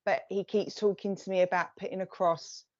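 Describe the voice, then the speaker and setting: A woman giving live psychic readings, chatting in quick bursts and thanking viewers by name as she relays messages. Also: mid-range voice, level tone, darkish tone, no room sound, lo-fi sound.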